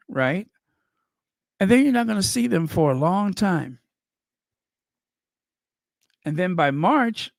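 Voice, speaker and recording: Sarcastic man with a higher voice. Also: vocal fry, no room sound, clean studio sound. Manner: sarcastic, rhetorical questions, wry asides. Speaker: commentator. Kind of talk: casual chat.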